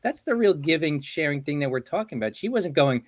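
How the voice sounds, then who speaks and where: A middle-aged man telling a relaxed, chatty anecdote on a video call, full of "you know". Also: on the high side, brisk, dry recording. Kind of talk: casual storytelling.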